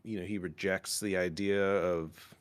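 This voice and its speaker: A man hosting a casual podcast, recapping a TV episode in a rambling, excitable way and swearing freely. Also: deep voice, a little slow, clean tone. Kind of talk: casual chat.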